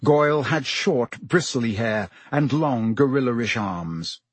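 A man narrating a novel as an audiobook in a steady, measured way. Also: medium pitch, breathy edge, no echo. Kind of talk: scripted narration.

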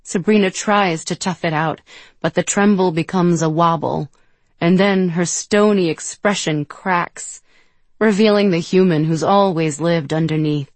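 A woman narrating an audiobook in a measured, gentle storytelling manner, close to the mic. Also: lowish voice, no echo. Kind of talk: scripted narration.

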